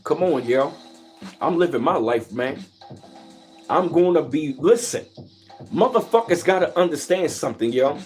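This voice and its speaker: Man, boastful vlog rant, high voice, swinging pitch, faint music behind. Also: moderate pace, long pauses. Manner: boastful, animated street talk with repeated slang. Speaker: vlogger. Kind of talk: casual vlog monologue.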